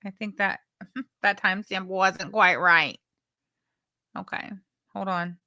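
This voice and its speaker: A woman's voice: mid-range voice, steady tone, slow, sharp tone, no echo, studio quality. A woman hosting a livestream, bluntly chatting, swearing and thanking viewers for super chats. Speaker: livestream host. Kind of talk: casual livestream commentary.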